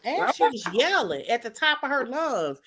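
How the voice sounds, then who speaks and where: A woman's voice: fairly high pitch, big pitch swings, normal speed, background noise. A woman from the American South, co-hosting a podcast in a casual, blunt recap chat. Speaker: podcast co-host.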